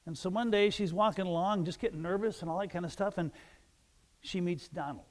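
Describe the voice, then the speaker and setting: A man's voice: high voice, a little fast. A man, a pastor, giving a children's sermon in a church, chatting playfully with the kids and joking as he tells a story. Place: church sanctuary.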